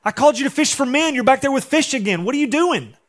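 A man doing a shrill, scolding exasperated man. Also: lively intonation, fast. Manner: loud, high-pitched berating.

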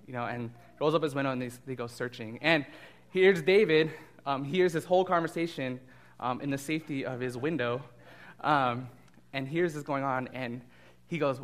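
A man giving a sermon as a guest preacher. He talks in a loose, conversational way, full of ums and restarts, and gets lively while telling stories. His voice has an ordinary, mid pitch. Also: normal speed. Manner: casual and animated, with frequent fillers and restarts. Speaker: guest pastor.

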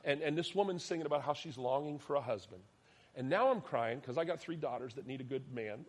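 A middle-aged male pastor tells personal stories in an animated sermon, his medium-pitched, breathy voice moving fairly quickly. He swings from loud bursts of emphasis down to a hushed near-whisper.

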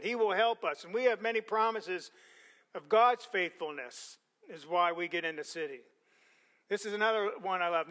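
A man preaching a sermon, reading scripture aloud, repeating words for emphasis and letting his voice fall softly at the ends of phrases. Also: sits high. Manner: repeats words for emphasis, quick conversational asides.

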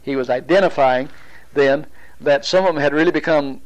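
A man's voice: on the high side, muffled recording. Man teaching a Bible study. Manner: explanatory, deliberate with pauses and restarts.

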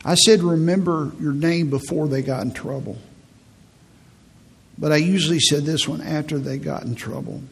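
A man in his fifties with a raspy voice, preaching a folksy, humorous sermon as a pastor. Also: fairly high pitch, normal speed, pauses often, long reverb tail. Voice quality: raspy, gravelly. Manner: storytelling, humorous, laughs at own stories.

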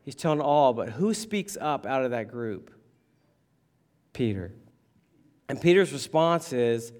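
A man preaching a sermon as a pastor, telling a story with lively shifts and acting out the voices of those he quotes. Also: medium pitch, unhurried, pauses often.

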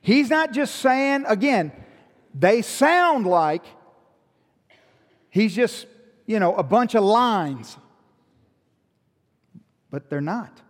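A man preaching a sermon, animated, with rhetorical questions and joking asides to the congregation. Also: sits high, very slow, pauses often, big-room sound. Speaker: pastor.

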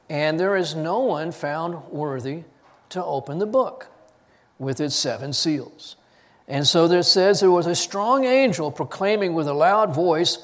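A man preaching a sermon, reading scripture with rising force and dropping low to press his points. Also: big-room sound. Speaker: pastor.

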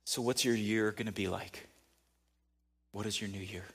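A man's voice: fairly low pitch, steady tone, normal speed, creaky, a bit bright, husky. A man preaching a sermon in a conversational way, building to emphatic peaks. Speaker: pastor.

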